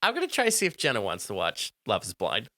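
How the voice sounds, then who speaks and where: A man's voice: lowish voice, huge pitch swings, fast, bright, forceful tone, dry recording, clean studio sound. A man co-hosting a comedy podcast in casual chat, playful and giggly, laughing often. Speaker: podcast co-host.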